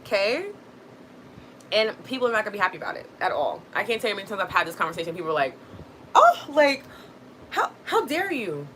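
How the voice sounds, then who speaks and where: Woman livestream host with a bright, forceful voice, earnest and reassuring. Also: medium pitch, animated, rapid-fire, slight background noise, poor audio. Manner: earnest, reassuring, often asks "right?". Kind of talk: livestream motivational talk.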